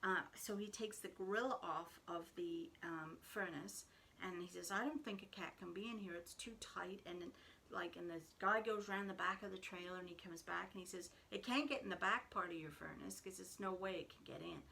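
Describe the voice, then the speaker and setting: A middle-aged woman tells an anecdote in a relaxed, chatty way and acts out the voices of the people in it. Her voice has a gravelly edge, and a faint hiss sits under the recording. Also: fairly low pitch, moderate pace. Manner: animated storyteller, acts out quoted voices. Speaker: knitting podcast host. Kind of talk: casual storytelling.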